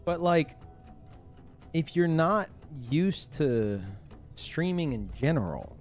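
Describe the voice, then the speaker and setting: A man streamer chatting casually to his viewers, rambling with lots of fillers and restarts, soft music behind him. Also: fairly high pitch, sing-song, slow.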